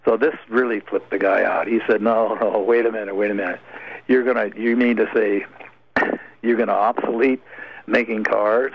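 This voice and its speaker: An older man telling a long story as a guest on a radio interview, halting and rambling with many fillers. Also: on the low side, creaky, narrow, tinny audio.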